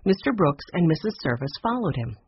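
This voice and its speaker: A man reads a children's chapter book aloud in a lively, expressive way, his voice fairly high and a bit husky. His pitch moves a lot as he narrates. The recording sounds dull and lo-fi. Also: fairly quick, slight background noise. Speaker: audiobook narrator.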